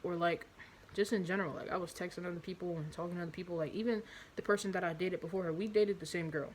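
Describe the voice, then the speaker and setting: A woman's voice: on the low side, fairly even intonation, quick pace, slight background noise, rough recording. A young woman telling a candid confessional story in her vlog, rambling and blunt with many fillers. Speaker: vlogger.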